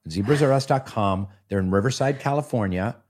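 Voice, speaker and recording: A low-pitched man in his fifties talks casually as a podcast guest. He tells stories with animated flair and jumps into silly voices and sound effects to act them out. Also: brisk. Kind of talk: casual storytelling chat.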